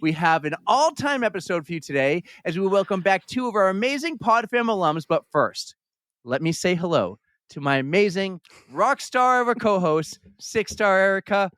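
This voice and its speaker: A man's voice: sits high, very animated, moderate pace, a bit bright, no room sound, studio quality. A middle-aged man hosting a podcast in a casual, upbeat, chatty way, now and then swearing offhand. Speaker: podcast host. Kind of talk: casual chat.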